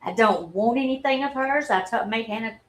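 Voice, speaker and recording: A woman, telling a personal story in a halting, earnest and openly emotional way on a livestream. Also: a little high, poor audio. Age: 40s. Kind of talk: candid personal livestream talk.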